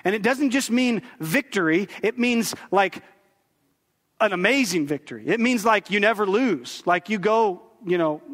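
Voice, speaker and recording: High-voiced male pastor in a reverberant hall. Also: fairly bright tone. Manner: conversational, joking asides to the congregation. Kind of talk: sermon. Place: church sanctuary. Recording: long reverb of a church hall.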